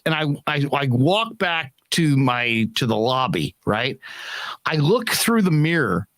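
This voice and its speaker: A man's voice: medium pitch, sing-song, a little slow, fairly bright tone, no echo. A middle-aged man hosting a casual sports talk show, telling rambling stories with lots of restarts. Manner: rambling storyteller with many restarts. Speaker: podcast host.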